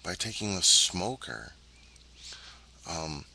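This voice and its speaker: A man with a very low-pitched voice and a strikingly bright, forceful tone talks through a self-help lesson. He speaks earnestly and deliberately, pausing on ums and uhs, and leans into his points as he addresses viewers directly. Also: big pitch swings, gravelly, a little hiss or hum, poor audio.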